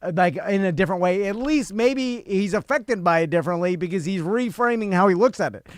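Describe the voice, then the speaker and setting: A man co-hosting a casual talk show, laughing often and piling up quick yeahs. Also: high voice, animated, no echo. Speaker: co-host. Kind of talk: casual chat.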